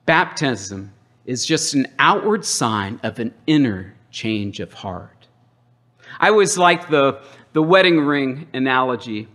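A middle-aged man preaching from the pulpit, his voice rising and falling with lively, animated emphasis. He takes his time, letting each phrase land with a deliberate, unhurried pace and dramatic pauses. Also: mid-range voice. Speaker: pastor. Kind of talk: sermon.

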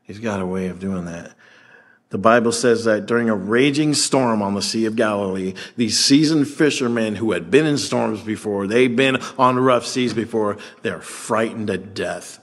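Man, pastor, sermon, animated, conversational, acts out scripture voices. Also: on the low side, normal speed.

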